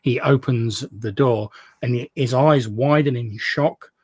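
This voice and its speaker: A man's voice: mid-range voice, unhurried, a little mellow, husky, dry recording. A man narrating as game master, often restarting his phrases as he describes scenes. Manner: frequent stammered restarts.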